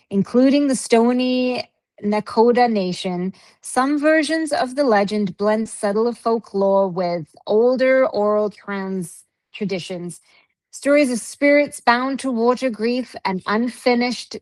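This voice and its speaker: A Canadian woman co-hosts a casual podcast and reads out a ghost story. Her voice sits somewhat high. She keeps breaking off her reading to scold her pets, and the recording is dry and close. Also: no room sound, rough recording. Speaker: podcast co-host.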